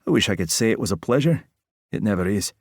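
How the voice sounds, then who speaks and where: A man's voice: lowish voice, animated, quick pace, vocal fry, no echo. A man with a Scottish accent voicing a suave, flirtatious middle-aged fire investigator with a dry, teasing manner.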